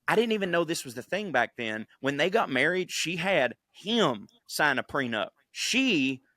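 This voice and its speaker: A man co-hosting a podcast, telling a story in casual chat, profane and animated, putting on funny voices for quotes. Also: on the high side, normal speed, no echo, studio quality. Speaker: podcast co-host.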